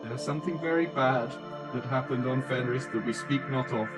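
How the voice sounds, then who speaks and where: A man voicing a secretive, hurried male tour guide with a put-on Swedish accent, as role-play on a podcast, with music playing behind. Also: medium pitch, lightly acted, low-quality recording. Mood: ominous. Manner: cagey, ominous tour-guide patter.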